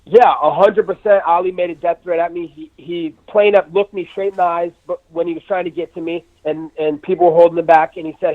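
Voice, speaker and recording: A man's voice: high-pitched, fairly even intonation, a little fast, few pauses, no echo. A man in his thirties, an MMA fighter giving a phone interview, brash and profane, acting out quotes in a raised voice. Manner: brash, profane trash talk. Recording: dry tinny phone line.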